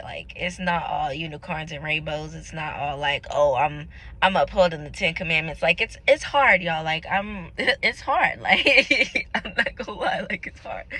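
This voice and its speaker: A woman's voice: mid-range voice, sharp tone, low-quality recording. A young woman vlogging about her faith, talking casually and candidly to her viewers in an earnest, searching way. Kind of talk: casual confessional talk to camera.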